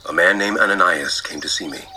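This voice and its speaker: The apostle Paul in a dramatized Bible reading, an earnest middle-aged man who testifies in a measured, solemn way. His voice sits fairly low, yet its tone is strikingly bright and forward. A little outdoor ambience stays faintly in the background. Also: slight background noise, low-quality recording.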